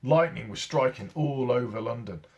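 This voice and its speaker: A man's voice: medium pitch, moderate pace, darkish tone, breathy edge, highs cut off. A man, a teacher, reading a children's story aloud, acting out sound effects as he goes.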